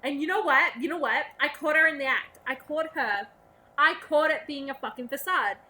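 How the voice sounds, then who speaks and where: A woman's voice: high-pitched, moderate pace, sharp tone, slight background noise. A young woman vlogger ranting casually to camera, profane and sarcastic, slipping into mocking voices.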